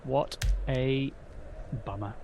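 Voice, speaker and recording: A man's voice: mid-range voice, very slow, a little mellow, a little hiss or hum. A man playing a tabletop game, talking hesitantly and hedging his moves. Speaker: player. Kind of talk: casual tabletop game play.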